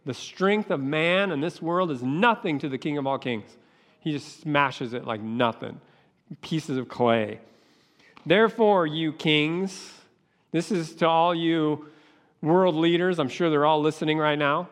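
A man's voice: on the high side, a little slow. A man preaching a sermon with passion, acting out voices as he goes. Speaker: pastor. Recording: long hall reverb.

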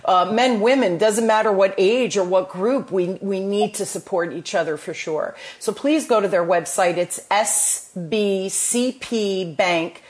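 A woman's voice: mid-range voice, measured pace, few pauses. A woman with a New Jersey accent, hosting a podcast and giving enthusiastic, motivational talk full of restarts. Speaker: podcast host. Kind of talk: casual chat.

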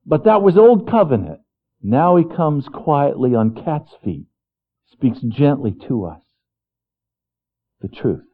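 Male pastor, unhurried storytelling sermon delivery, lo-fi narrow recording. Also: medium pitch. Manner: slow, storytelling preacher voicing God's words gently. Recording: tinny phone-like lo-fi recording.

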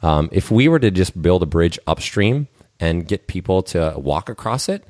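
A man's voice: deep voice, big pitch swings, normal speed, darkish tone, dry recording, studio quality. A man hosting a podcast conversation, thinking aloud in a reflective way with many fillers. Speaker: podcast host. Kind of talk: conversational interview.

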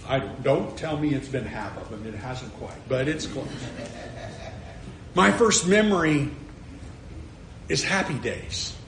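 Older male preacher, lively swinging delivery, slightly high voice, reverberant room, faint hum behind. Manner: animated storytelling, acting out his own reactions. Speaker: pastor. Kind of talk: sermon. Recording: echoey hall with faint ambience.

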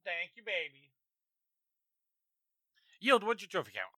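A man's voice: high voice, sing-song, unhurried, bright, forceful tone, no room sound. A man hosting a casual podcast chat, joking while eating. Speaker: podcast host.

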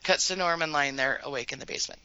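A woman's voice: low voice, fast, sharp tone, clean tone, no echo, dull audio. A woman co-hosting a podcast, reading a scene-by-scene recap from her notes and laughing often between lines. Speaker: podcast co-host.

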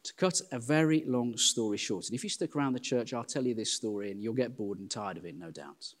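An English man in his forties preaching a sermon in a church, telling self-deprecating stories in a lively way. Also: medium pitch, brisk. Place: church hall. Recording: long hall reverb.

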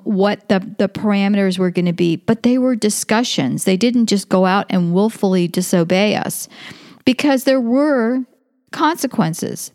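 A woman's voice: mid-range voice, a little mellow, dry recording, studio quality. A middle-aged woman, a homeschooling mother of five, giving earnest, faith-based parenting advice in a casual talk, working through numbered tips. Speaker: parenting guest.

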